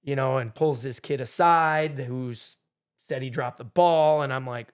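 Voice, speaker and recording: A middle-aged man telling a story as a podcast guest, animated, acting out what people said. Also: mid-range voice, unhurried, clear, resonant tone. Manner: animated storyteller, acts out quotes loudly. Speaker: game show contestant guest.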